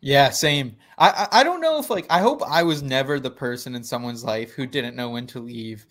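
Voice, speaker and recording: A man's voice: mid-range voice, lively intonation, normal speed, a bit bright. A man co-hosting a casual sports podcast, laughing often and stammering through restarts. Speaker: podcast co-host.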